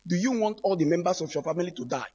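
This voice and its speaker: A man's voice: high voice, expressive, very fast, mellow, husky, dull audio. A man, preaching on the radio and fervently calling out to listeners, again and again. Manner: fervent, repetitive, calls out listeners directly. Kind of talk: preaching broadcast appeal.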